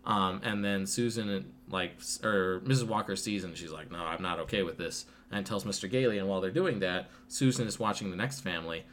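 Laid-back, rambling low-voiced man. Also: fairly quick, few pauses, a bit bright, slight background noise. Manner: rambling, laid-back, profane, lots of fillers. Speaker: podcast co-host recapping a film. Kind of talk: casual retelling with acted quotes.

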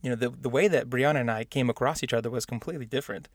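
A man's voice: mid-range voice, racing, dry recording. Chatty man co-hosting a podcast. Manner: chatty, laughs often, many restarts. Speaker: podcast co-host. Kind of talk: casual chat.

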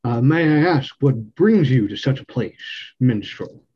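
A man's voice: mid-range voice, expressive, measured pace, lo-fi sound, slight background noise, lightly acted. Man playing a proud dwarf lord. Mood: formal. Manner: formal, stately.

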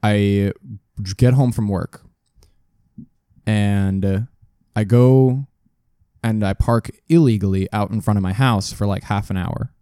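A man with a fairly low, mellow voice tells a story in a loose, rambling way, cursing often and doubling back to fix details. He is close on a studio desk mic with a dry, dead sound. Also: unhurried, clear, resonant tone, no room sound. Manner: rambling, profane, self-correcting. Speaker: podcast host telling a story. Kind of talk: casual storytelling chat.

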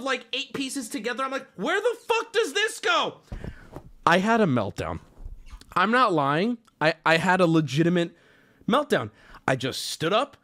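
A man's voice: high-pitched, a bit bright. Guy streamer rambling to chat about a mishap, voice jumps all over, swears and laughs at himself. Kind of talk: casual storytelling to chat.

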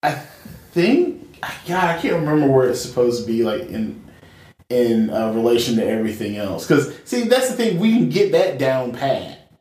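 A man's voice: medium pitch, big pitch swings, normal speed, darkish tone. A man co-hosting a casual podcast chat, hesitant and thinking aloud. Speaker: podcast co-host. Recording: echoey room.

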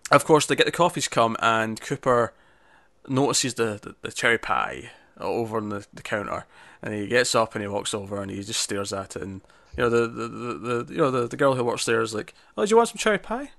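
A man's voice: medium pitch, creaky, fairly bright tone, no room sound. A man, chatting casually as he recaps a TV episode, often acting out quotes. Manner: chatty, lots of fillers and acted-out quotes. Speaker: podcast co-host.

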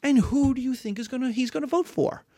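A woman history teacher giving an animated, storytelling lecture. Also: high voice, fast, dry recording, clean studio sound. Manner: lively, storytelling, acts out voices.

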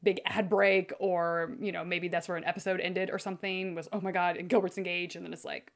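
A woman in casual conversation who talks animatedly, acting out quoted lines with big jumps in pitch. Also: little pitch movement, brisk, vocal fry. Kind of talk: casual chat.

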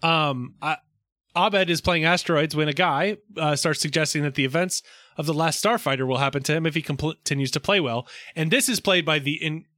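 A man co-hosting a podcast, casually summarizing a TV episode's plot and chiming in with quick agreement. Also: a little high, bright, forceful tone, no room sound, clean studio sound. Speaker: podcast co-host. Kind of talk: casual chat recapping a TV episode.

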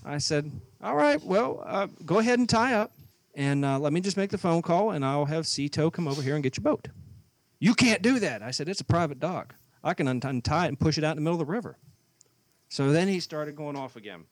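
A man's voice: on the high side, expressive, a little fast, no echo. A man co-hosting a podcast, telling a story in casual chat and acting out both sides of an argument. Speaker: podcast co-host.

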